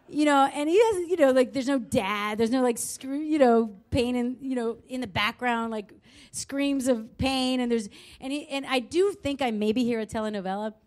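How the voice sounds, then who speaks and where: A woman telling a true story at a live show, expressive and quick to swear and laugh at herself. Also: sits high. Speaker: storyteller on stage.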